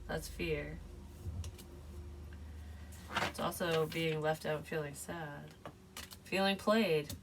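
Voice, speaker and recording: Low-voiced woman giving a frank tarot reading. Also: fairly bright tone, distant mic, a little hiss or hum, poor audio. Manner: rambling, frank, swears freely. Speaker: psychic tarot reader.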